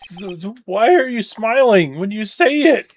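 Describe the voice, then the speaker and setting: A man's voice: high-pitched, lively intonation, unhurried, a little hiss or hum. A man voicing a wry young male defense lawyer in a fan dub of a video game, dry and sarcastic.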